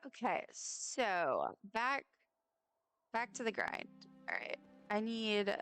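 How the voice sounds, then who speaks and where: A young woman talks to her live chat while she plays, rambling from one thought to the next. Her voice is smooth and clear, with a gravelly fry running under her words. Faint music plays behind her. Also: mid-range voice, wildly swooping pitch, slow pace, fairly bright tone. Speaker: game streamer. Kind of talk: casual live-stream chat while playing.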